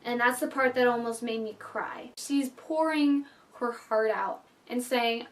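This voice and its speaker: A high-pitched woman talks through a book-and-movie review, chatty and openly emotional. Her voice sits a little back from the mic. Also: unhurried, recorded from a distance. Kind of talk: casual vlog review.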